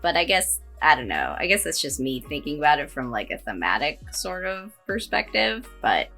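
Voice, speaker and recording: A woman co-hosting a casual anime podcast, making dry, wry remarks in relaxed talk. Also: low voice, moderate pace, creaky, soft background music. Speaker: podcast co-host. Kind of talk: casual chat.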